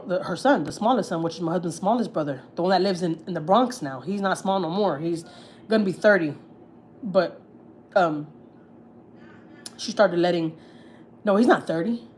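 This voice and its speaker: A woman's voice: fairly low pitch, darkish tone, slight background noise. A woman on a casual gossip livestream, telling family stories candidly, swearing freely and acting out what others said. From United States. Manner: candid, storytelling, swears freely, acts out quotes. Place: home.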